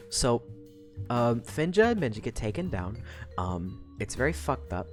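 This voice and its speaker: A woman's voice: rumbling low, a little slow, soft background music. A woman streamer casually recapping a story, swearing a lot and laughing often. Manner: profane, animated, laughs often.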